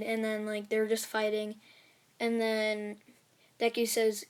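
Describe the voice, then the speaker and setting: Woman rambling through a fan story, lots of "like", middle pitch, super casual. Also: monotone, normal speed, darkish tone. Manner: rambling, many fillers and restarts. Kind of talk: casual spoken fan-fiction retelling.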